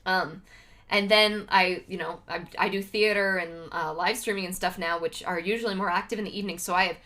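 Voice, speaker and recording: A woman's voice: lowish voice, fairly even intonation, brisk, pushed and bright. A woman livestreaming, chatting casually to her viewers with lots of fillers and laughs. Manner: laughs often between remarks.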